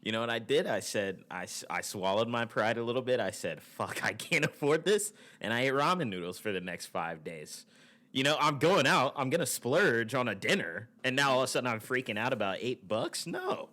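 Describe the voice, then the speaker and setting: A man's voice: medium pitch, lively intonation, brisk, sharp tone. A young man in his twenties, co-hosting a podcast in casual, profane, laughing banter. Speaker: podcast co-host.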